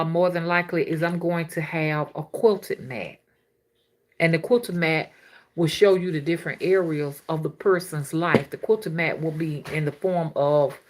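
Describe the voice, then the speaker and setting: A woman, hosting a casual livestream as a spiritual reader and chatting with viewers. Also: mid-range voice. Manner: chatty, laughs often, slangy and animated.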